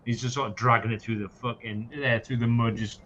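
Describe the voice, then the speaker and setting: A man's voice: mid-range voice, little pitch movement, a little fast, fairly bright tone, a little hiss or hum. A man narrating a tabletop game as game master, casual and peppered with swearing and fillers, on a dull lo-fi mic.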